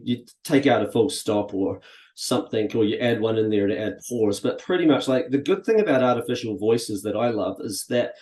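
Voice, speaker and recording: A man hosting a casual interview, talking in a relaxed, chatty way with many fillers. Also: mid-range voice. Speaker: host. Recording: echoey room.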